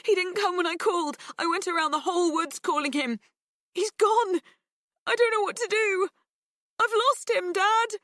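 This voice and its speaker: Brief: woman doing a panicked teen girl for an audiobook, very high and loud, bright tone. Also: steady tone, normal speed, dry recording, clean studio sound. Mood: distraught. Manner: high, loud, pleading calls. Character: frightened teenage girl searching desperately.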